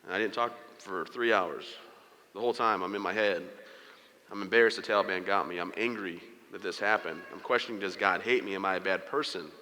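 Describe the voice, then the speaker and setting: A man tells his own story to an audience in a candid, joking manner. He talks quickly, and his voice sounds bright and forceful. The sound carries the long reverb of a large event hall. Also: deep voice, a little hiss or hum. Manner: candid, joking, acts out quoted dialogue. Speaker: motivational speaker. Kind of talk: personal storytelling speech to an audience.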